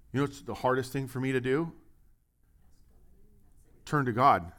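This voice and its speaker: A male pastor delivers a sermon with a lively, mid-range voice. He keeps firing rhetorical questions at the congregation and slips in light humor between points. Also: medium pitch.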